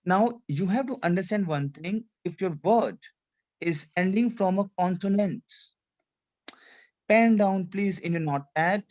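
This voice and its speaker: A man's voice: sits high, a little slow, a little mellow. A man teaching French pronunciation in a lesson, repeating points and checking that his student follows. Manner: repetitive, drilling the student, frequent checks for understanding. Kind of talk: classroom lesson.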